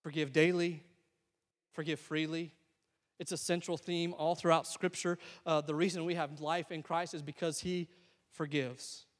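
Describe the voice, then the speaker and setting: A man preaches a sermon, with a fairly high voice. He talks in a loose, conversational way and drops in joking asides. His voice carries a long reverb from the church hall. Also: level tone, normal speed. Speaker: pastor.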